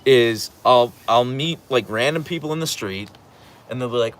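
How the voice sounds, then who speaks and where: A man's voice: mid-range voice, lively intonation, moderate pace, a little hiss or hum. A man hosting a casual livestream from home, reading out the chat and rambling playfully, slipping into voices when he retells stories.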